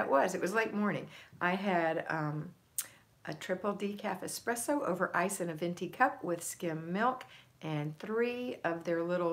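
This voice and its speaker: Woman, middle-aged, livestream host, casual chat, greets viewers by name, mid-pitched voice. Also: a bit bright.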